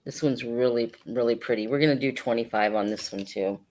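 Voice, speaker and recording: A woman's voice: very deep voice, a little fast, a little mellow. A woman hosting a casual live sale, chatting and laughing with her viewers as she shows hat pins. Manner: chatty, laughs often, addresses viewers directly. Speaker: live-stream seller of hat pins and jewelry.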